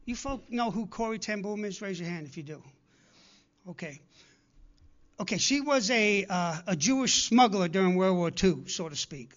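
In a muffled recording, a man preaches to his congregation at a normal speed, his high voice full of lively intonation. His manner is earnest and repetitive exhortation, with the people he quotes acted out.

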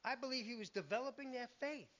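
A man's voice: extremely high pitch, expressive, quick pace, fairly bright tone, highs cut off. A man preaching a sermon in an emphatic way, acting out the lines he quotes.

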